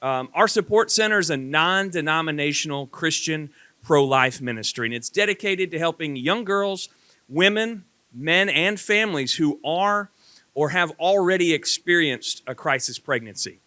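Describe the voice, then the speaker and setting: A man who is a pastor serving as master of ceremonies at a banquet, speaking in a lively, preacherly way. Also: a little high, moderate pace, dry recording. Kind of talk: emcee remarks at a banquet.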